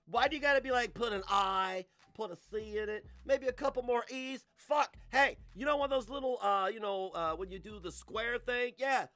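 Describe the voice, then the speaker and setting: A man in his forties streaming live, ranting in a crude, mocking, loud way. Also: extremely high pitch, moderate pace, hardly any pauses, dry recording, soft background music. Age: 40s.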